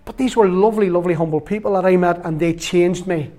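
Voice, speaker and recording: A man's voice: high voice, fast, dark tone. A middle-aged man from Northern Ireland with a Northern Irish accent, preaching a sermon through chatty, repetitive anecdotes and closing in prayer. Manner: chatty, laughing anecdotes, repeats himself. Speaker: lay preacher. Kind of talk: storytelling sermon.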